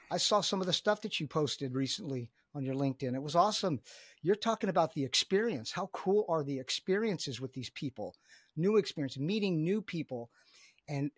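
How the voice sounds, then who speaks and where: Husky, excited middle-aged man. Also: a little high, no echo, clean studio sound. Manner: enthusiastic, emphatic, repeats words. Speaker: guest, business coach. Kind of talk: energetic podcast conversation.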